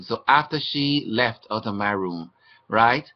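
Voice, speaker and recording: A man's voice: animated, measured pace. A man talking to his webcam, recounting his mistreatment as a hospital patient in an aggrieved, indignant manner. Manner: aggrieved, indignant, acting out quoted exchanges. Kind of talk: webcam testimony monologue. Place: indoors. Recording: dull low-fi webcam audio.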